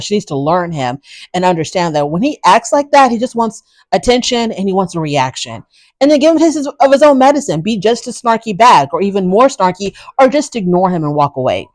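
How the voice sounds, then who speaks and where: Opinionated woman recapping, low voice, dry. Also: no room sound. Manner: opinionated, chatty, frank. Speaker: reality show recap host. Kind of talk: casual commentary.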